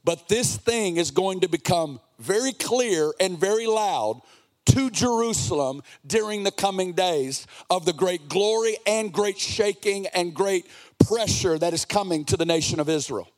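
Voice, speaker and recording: A man's voice: high voice, lively intonation, measured pace, soft background music. A man in his forties preaching an earnest, impassioned sermon, sometimes lilting into a sing-song cadence.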